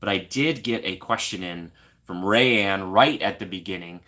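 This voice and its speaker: An upbeat man chats casually on a live stream, greeting viewers by name and answering their questions. His voice sits a little low but sounds bright and forward, and he often lifts into a playful sing-song. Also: normal speed. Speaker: YouTube live stream host.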